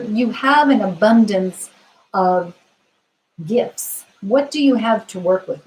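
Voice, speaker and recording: A woman gives a live tarot reading in a reassuring, unhurried way. She pauses to think aloud and fills the gaps with soft "ums". Her voice sits at an ordinary middle pitch for a woman. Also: poor audio. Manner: gentle, reassuring, thinks aloud with frequent fillers. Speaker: tarot card reader. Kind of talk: live-stream card reading, answering viewer questions.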